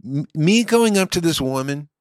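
A man's voice: a little high, animated, moderate pace, dry recording, studio quality. A man telling a story in casual chat, earnest and often restarting his sentences.

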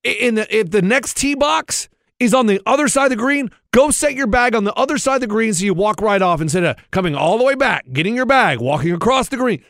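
A man's voice: high-pitched, animated, fairly quick, a bit bright, no room sound, studio quality. A man, podcast co-host, telling a story in a worked-up, ranting, profane way. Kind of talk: casual chat, storytelling.

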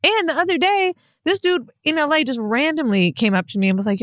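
Woman, podcast co-host, brash, swears freely, medium pitch, dry studio sound. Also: a little fast, a bit bright, no room sound. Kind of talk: casual podcast chat.

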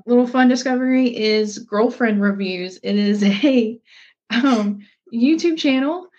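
A woman's voice: fairly high pitch, a little slow, a little mellow, muffled recording. A young woman co-hosting a podcast in casual chat, talking loosely with plenty of fillers and laughs. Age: young adult. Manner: chatty, lots of fillers and laughs. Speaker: podcast co-host.

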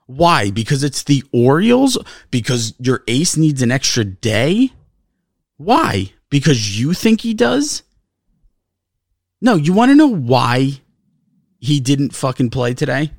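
A man's voice: medium pitch, sing-song, a little slow, vocal fry, dry recording, studio quality. A man co-hosting a sports podcast, ranting in frustration, swearing a lot and repeating himself. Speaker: podcast co-host. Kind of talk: heated sports podcast rant.

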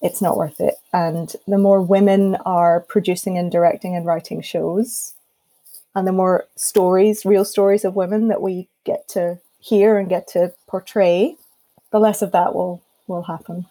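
A Scottish woman, a guest musician on a casual panel chat, tells her story in a lively way, acting out the quotes as she goes. Her voice is fairly low and unhurried, and the recording quality is poor.

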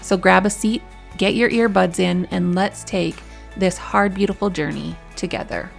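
A woman's voice: medium pitch, moderate pace, creaky, soft background music. A woman in her forties hosting a podcast, telling a personal story in a candid, heartfelt way. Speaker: podcast host.

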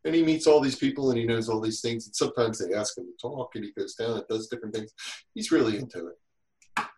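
A man chatting as a podcast guest, telling lively stories and acting out what others said. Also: mid-range voice, quick pace, reverberant, poor audio. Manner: animated storyteller, acts out quotes. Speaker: guest, safety instructor. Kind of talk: casual podcast chat.

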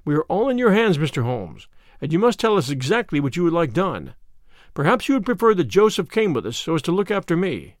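A man's voice: a little high, very animated, brisk, no echo, studio quality. A man reading an audiobook, voicing an earnest, recovering young man. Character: weak young male convalescent client, eager.

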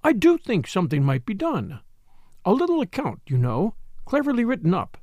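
A man voicing a scheming, effusive middle-aged society lady with a high, gushing manner. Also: huge pitch swings, normal speed, darkish tone, no room sound, studio quality, exaggerated voice.

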